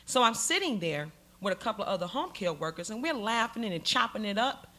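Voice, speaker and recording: A middle-aged woman telling a story on stage, dramatic and animated, acting out the voices in it. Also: medium pitch, a little fast. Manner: animated, dramatic, acts out every voice. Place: stage in a museum hall.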